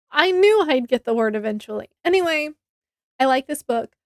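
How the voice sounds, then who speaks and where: A woman's voice: high voice, lively intonation, normal speed, no echo, studio quality. A young woman reviewing a book in a casual chat, rambling and correcting herself, with frequent giggles.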